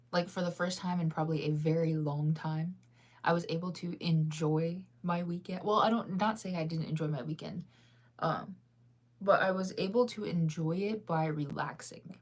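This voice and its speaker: A sleepy, yawning woman hosting a casual livestream, chatting in a rambling, giggly way as she answers viewers' comments. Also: lowish voice. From United States. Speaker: livestream host.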